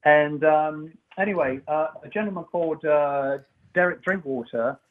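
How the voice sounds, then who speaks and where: Male guest, rambling lively storyteller, tinny phone-line sound. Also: a little high, normal speed. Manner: rambling, animated storyteller doing voices. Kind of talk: casual anecdote telling.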